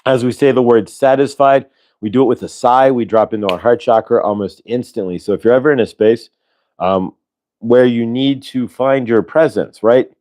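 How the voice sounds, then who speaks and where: A man hosting a show, talking listeners through a breathing exercise in a relaxed, rambling way, with lots of fillers and audible sighs. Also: mid-range voice, normal speed. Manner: sighs audibly between instructions. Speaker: host leading a breathing exercise. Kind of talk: casual spoken guidance.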